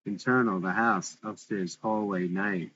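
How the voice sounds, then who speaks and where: A man's voice: fairly low pitch, steady tone, a little slow, muffled recording, noisy background. A man reading a script aloud with its stage directions, in a plain, matter-of-fact way.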